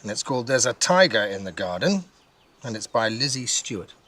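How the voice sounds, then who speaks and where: A man reading a bedtime story aloud in a gentle manner, outdoors in a garden. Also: mid-range voice, a little fast. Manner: gentle, with lively intonation.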